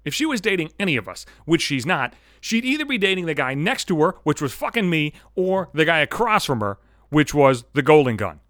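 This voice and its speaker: A man's voice: on the high side, sing-song, fairly quick, a bit bright, no echo, clean studio sound. A man in his thirties telling a comic story as a profane monologue, swearing constantly and working himself up into rants. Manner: swears constantly, gets worked up and ranting.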